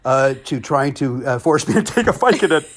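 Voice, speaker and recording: Man telling a lively anecdote. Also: a little high, a little fast. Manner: animated, self-deprecating anecdote telling. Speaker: comedian and game show host. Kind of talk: casual storytelling.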